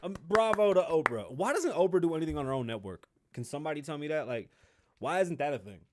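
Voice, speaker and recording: Brash, swearing, high-voiced male host. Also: expressive, quick pace. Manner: brash, rambling, heavy swearing. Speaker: show host. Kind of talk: profane comedic commentary.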